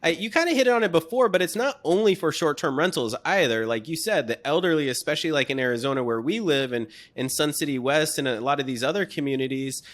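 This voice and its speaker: A man's voice: fairly high pitch, animated, fast, few pauses, a bit bright. A man hosting an interview podcast, asking questions casually and repeating words as he searches for his phrasing. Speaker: podcast host.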